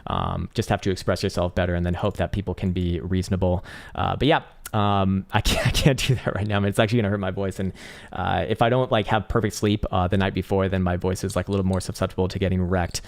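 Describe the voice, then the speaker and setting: A man's voice: low voice, flat delivery, fast talker, gravelly. A man hosting a casual crypto chart livestream, rambling and profane with lots of fillers, his voice strained and tired. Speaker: crypto trading livestream host.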